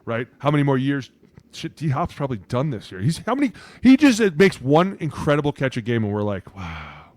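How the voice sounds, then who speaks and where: A brash male podcast co-host talking sports in a loose, casual way. He swears freely and slips into put-on voices to act out other people's words. His voice sits at an ordinary pitch for a man. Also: big pitch swings, a little fast, dry recording. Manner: loud, profane, acts out quotes in put-on voices.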